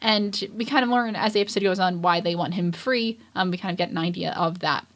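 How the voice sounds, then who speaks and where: A woman's voice: on the low side, brisk. A young woman co-hosting a podcast, recapping an anime episode in a rambling, casual way with lots of fillers and restarts. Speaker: podcast co-host. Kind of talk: casual anime reaction chat.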